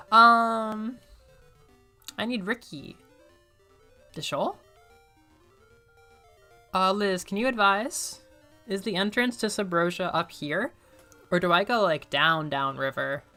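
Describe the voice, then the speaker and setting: A woman streamer chatting casually and excitably while she plays a video game, often joking at her own expense. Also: medium pitch, slow, pauses often, soft background music. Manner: chatty, excitable, self-deprecating. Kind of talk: casual gameplay commentary.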